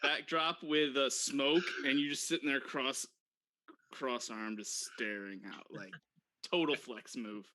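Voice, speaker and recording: A man's voice: mid-range voice, unhurried, sharp tone. A man joining a casual podcast by video call, joking and ribbing the others. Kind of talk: casual chat.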